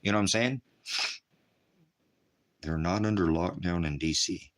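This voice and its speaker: A man's voice: deep voice, measured pace. A middle-aged man hosting an online ministry, delivering a rambling, combative monologue full of swearing. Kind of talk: profane ranting monologue.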